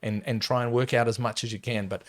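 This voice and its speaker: A man speaks as a podcast guest, emphatic and lively, often restarting his sentences. His voice sits at an everyday middle pitch. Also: quick pace. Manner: emphatic, animated, frequent restarts. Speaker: property developer guest. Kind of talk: casual podcast interview.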